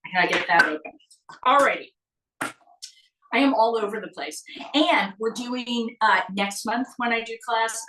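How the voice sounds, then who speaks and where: A woman's voice: medium pitch, a bit bright, roomy sound, far from the mic, slight background noise, poor audio. A woman teaching a live online cooking class, bubbly and chatty, greeting viewers by name as she cooks.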